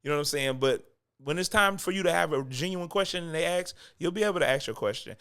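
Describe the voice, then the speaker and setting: In a smooth, slightly high, fairly bright voice, a man coaches acting at a quick, expressive pace. The talk is casual and close-miked, and he chuckles between lines while repeating his points to drive them home.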